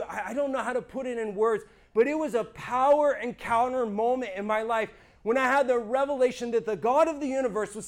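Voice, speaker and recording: Earnest high-voiced man telling his testimony. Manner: earnest and animated, asks listeners questions. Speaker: speaker giving his testimony. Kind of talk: church testimony talk to a small group.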